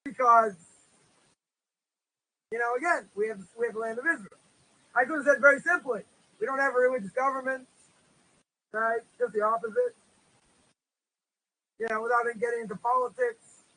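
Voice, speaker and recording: A man's voice: very high voice, normal speed, pauses often, pushed and bright, rough recording. A man teaching a religious course as a rabbi, in a casual lecture style full of "you know" fillers, who tells stories and acts out their voices. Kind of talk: informal lecture. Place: Israel.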